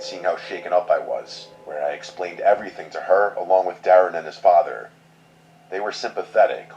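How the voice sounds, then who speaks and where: A man with a very low, darkish voice tells a scripted horror story in a measured, somber way. The audio is dull and lo-fi, with a faint hiss beneath it.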